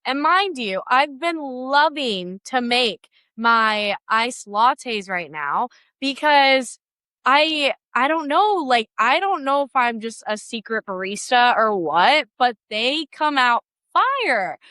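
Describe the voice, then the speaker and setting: Bubbly girl in her 20s gushing on her podcast, bright and clear, lots of "like". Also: fairly high pitch, sing-song, slow, dry recording. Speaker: podcast host. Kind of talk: casual solo podcast talk.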